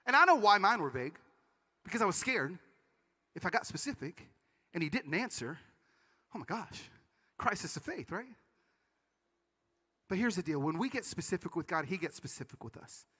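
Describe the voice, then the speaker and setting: High, bright-voiced animated male preacher. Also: husky, long reverb tail. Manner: animated storytelling with quick asides. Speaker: conference speaker. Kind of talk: energetic sermon talk. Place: large conference hall.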